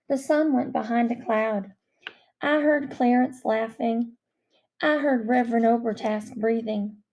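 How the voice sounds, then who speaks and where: A woman narrating a children's novel aloud in a measured, expressive way. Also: on the high side. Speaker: audiobook reader. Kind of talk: storybook narration.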